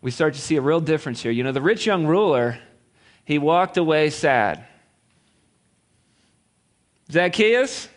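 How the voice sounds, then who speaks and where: Lively, playful male preacher. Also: on the high side. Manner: playful storytelling with laughs and acted quotes. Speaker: pastor. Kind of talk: sermon.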